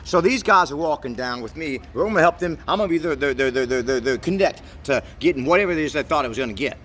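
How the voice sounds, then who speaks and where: A man rambles through a story for the camera, swearing freely and tripping over repeated words. His voice sits a little high and bright, with lively swings in pitch. Faint traffic hum is heard behind him. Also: fast. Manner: meandering, profane, repeats words when searching. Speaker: vlogger. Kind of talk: rambling profane storytelling monologue.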